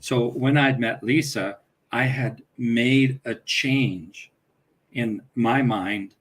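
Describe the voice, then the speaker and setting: A middle-aged man speaks in a calm, reflective way on a talk show. His voice sits at an ordinary male pitch, and he explains his thoughts plainly and steadily. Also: poor audio. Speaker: guest, family coach. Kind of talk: casual talk-show conversation.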